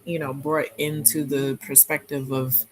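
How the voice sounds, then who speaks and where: Slow, low-voiced woman chatting about books. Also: flat delivery, a crowd in the background, low-quality recording. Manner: rambling, hesitant, many fillers. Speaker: book club member. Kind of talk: casual book chat.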